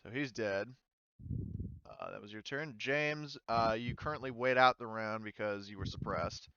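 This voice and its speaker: Chatty male game master, smooth voice. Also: lowish voice, moderate pace, sharp tone, no room sound. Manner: loose and chatty, frequent fillers and restarts. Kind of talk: running a tabletop war game. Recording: slightly dull, lo-fi mic.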